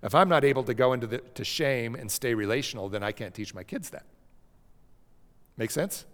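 In a slide lecture on child emotional development, a man teaches about emotions in a gentle, animated voice of middle pitch, often pausing to ask "okay?" and dropping to a soft coo when acting out a parent. A long reverb makes it sound like a large hall.

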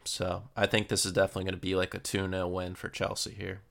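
Podcast host, young man, deep gravelly voice, laid-back match previews. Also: fast talker. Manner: relaxed, filler-heavy match previewing. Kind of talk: casual football podcast chat.

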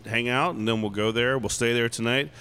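A male podcast host chatting in a relaxed, conversational way. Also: medium pitch, a little fast, smooth. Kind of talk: casual chat.

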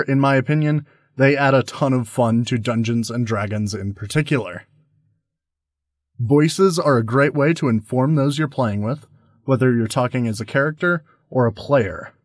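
A man with a husky voice hosts an explainer podcast. He talks in a friendly way and lays things out in plain steps. The sound is dry and close. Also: medium pitch, no room sound. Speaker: podcast host.

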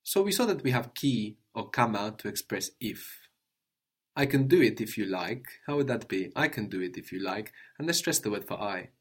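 A man teaching a language lesson, patiently prompting his student with questions and gently correcting answers. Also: on the low side, big pitch swings, moderate pace, husky.

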